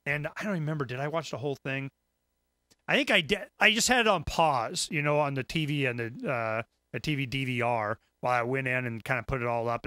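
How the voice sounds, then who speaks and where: A man's voice: fairly high pitch, bright, forceful tone, no echo, clean studio sound. A man hosting a talk radio show, ranting in an emphatic, rambling way with stammered restarts. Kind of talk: casual talk radio rant.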